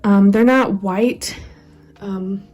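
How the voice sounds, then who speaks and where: A woman's voice: mid-range voice, steady tone, drawn-out words, a little mellow. A young woman chatting casually in a home vlog, slightly out of breath, rambling with ums and little laughs. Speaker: journaling vlogger. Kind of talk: casual show-and-tell vlog.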